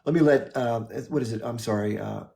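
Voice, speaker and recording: A man's voice: medium pitch, fairly quick, gravelly, dark tone. Emphatic man hosting a livestream. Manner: emphatic, blunt, swears, restarts often. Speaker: livestream host. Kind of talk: impassioned political monologue. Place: home livestream.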